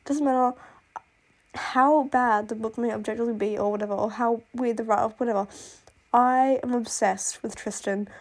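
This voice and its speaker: A woman's voice: fairly high pitch, steady tone, normal speed. A young woman chatting casually about books she loves, gushing and rambling with lots of fillers, while sick with a cough. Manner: gushing and rambling, full of "like" and "oh my god". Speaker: book vlogger. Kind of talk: casual chat.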